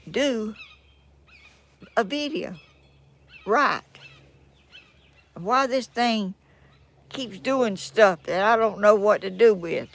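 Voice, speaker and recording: A woman's voice: medium pitch, drawn-out words, creaky, pauses often. An older woman with a Southern American accent, hosting a live stream from outdoors and talking in a flustered, self-deprecating, folksy way while she struggles with her phone and tablet. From Georgia, United States. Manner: folksy rural speech. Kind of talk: casual live-stream chat. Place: outdoors in the sun.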